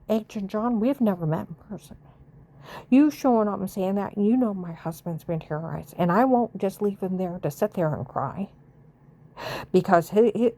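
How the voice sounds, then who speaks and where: A woman with a dark, mellow voice rants to the camera in a long angry monologue. She is from the United States, swears freely and keeps circling back to the same accusations. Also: medium pitch. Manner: ranting, rambling accusations, swears and repeats herself.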